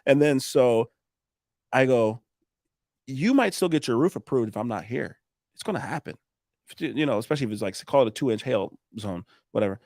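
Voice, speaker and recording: A man's voice: mid-range voice, animated, brisk, a little mellow, dry recording, clean studio sound. A man, a roofing contractor telling sales stories in a casual interview, acting out both sides of conversations and swearing freely.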